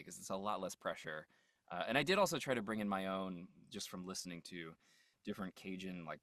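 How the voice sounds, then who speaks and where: A man's voice: low-pitched, fairly bright tone, no echo. A man, a voice actor, talking as an interview guest in a loose, rambling way, laughing often and trailing off mid-thought. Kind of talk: casual interview chat.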